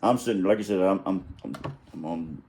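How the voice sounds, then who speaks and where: A man's voice: deep voice, fairly quick, dark tone. A middle-aged man telling a casual story in a rambling way, chuckling and correcting himself as he goes.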